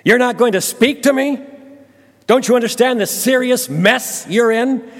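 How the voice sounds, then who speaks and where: A man voicing a blustering, threatening Roman governor who shouts and hectors. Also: very high-pitched, measured pace, voice pushed up. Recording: long hall reverb.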